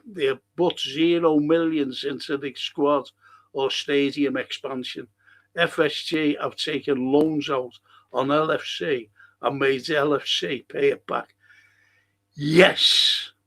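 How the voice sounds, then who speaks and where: A man's voice: on the high side, a bit bright. A man hosting a livestream podcast, reading out chat comments and ranting heatedly with constant swearing and rhetorical questions. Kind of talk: profane livestream rant.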